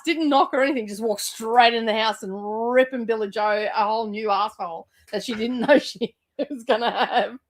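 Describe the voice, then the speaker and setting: A woman, telling stories in casual chat as a host, swearing freely and laughing as she talks. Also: on the high side. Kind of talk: casual livestream storytelling.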